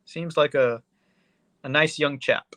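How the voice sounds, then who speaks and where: A man co-hosting a podcast, reviewing a movie in a casual, excitable, profane way with lots of fillers. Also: on the high side, a little slow, no room sound. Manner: excitable, swears a lot, trails off with fillers. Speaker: podcast co-host.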